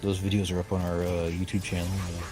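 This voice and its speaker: A man's voice: sits low, monotone, fast talker. A man co-hosting a game stream, talking casually in a blunt, joking way with stumbling restarts. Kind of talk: casual chat. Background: video game music.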